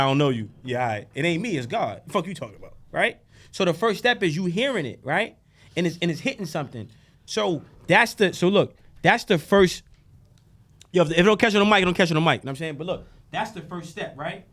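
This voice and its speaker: A man as a podcast guest, telling stories and preaching about faith in a loud, animated, profane way. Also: sits high, brisk. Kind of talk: casual podcast conversation.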